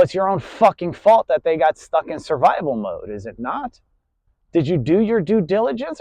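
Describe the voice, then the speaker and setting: A man's voice: sits high, a little mellow, no room sound, dull audio. A man lecturing a class in a blunt, preachy way, swearing freely and tagging points with "right?". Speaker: class instructor. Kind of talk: lecturing monologue.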